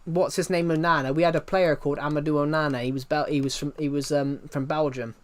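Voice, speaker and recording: On a live game stream, a young man chats loosely in a slightly high, flat voice at a quick clip. His storytelling wanders, and he often pokes fun at himself.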